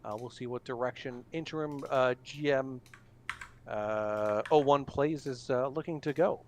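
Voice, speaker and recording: A man's voice: medium pitch, unhurried, darkish tone, a little hiss or hum. A man hosting a casual online hockey draft stream, announcing picks with frequent fillers. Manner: easygoing, filler-heavy announcing. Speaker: draft broadcast host. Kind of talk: casual live draft commentary.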